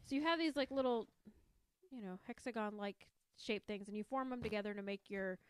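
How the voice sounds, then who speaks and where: Fairly quick and smooth, with a mid-range voice and no room sound, a woman co-hosting a podcast talks excitedly about a board game, wandering off-topic a bit in this casual chat.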